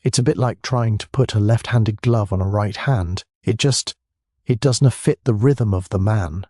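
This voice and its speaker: A sly, soft-spoken village policeman with a thick Scottish Highland accent, as a narrator puts him on, drawling in a syrupy, mellow tone. The audiobook recording is close and dry. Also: normal speed, no echo, natural voice.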